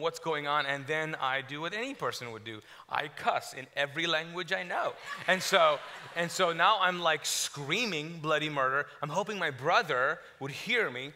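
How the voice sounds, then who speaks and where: A middle-aged man from Kuwait telling his story to a live audience, joking and acting out his own past words. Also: a little high. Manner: animated, joking storyteller who acts out his past self. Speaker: guest speaker telling his testimony.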